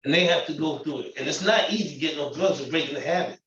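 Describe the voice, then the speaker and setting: A man's voice: on the high side, quick pace, a bit bright, slight background noise. A man living at a shelter speaks out at a community meeting, upset and close to tears, pleading emotionally. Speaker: shelter resident speaking at public comment. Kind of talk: impassioned public comment. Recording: muffled echoey room audio from far off.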